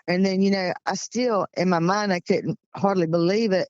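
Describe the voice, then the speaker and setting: A woman's voice: medium pitch, steady tone, normal speed, few pauses, darkish tone, dry recording, lo-fi sound. A woman in her sixties with a Georgia accent, telling a story in a chatty, rambling, folksy way. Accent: Southern US, Georgia. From Georgia, USA. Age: 60s. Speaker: guest recounting encounters. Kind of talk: casual storytelling.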